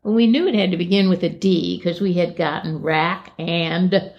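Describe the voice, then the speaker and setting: A woman, co-hosting a casual crossword chat, quiet with short replies and frequent laughter. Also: fairly low pitch, normal speed, highs cut off. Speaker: podcast co-host.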